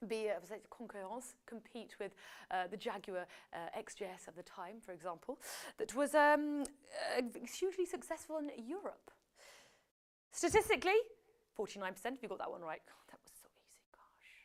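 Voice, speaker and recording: A young woman hosting a live quiz show, chatty and playful, with self-correcting asides. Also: high-pitched. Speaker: quiz host.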